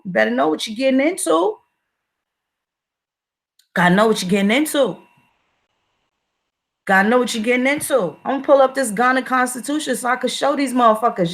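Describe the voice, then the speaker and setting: A woman's voice: high-pitched, fairly bright tone. A woman giving a profane, repetitive livestream commentary, speaking in a confrontational way.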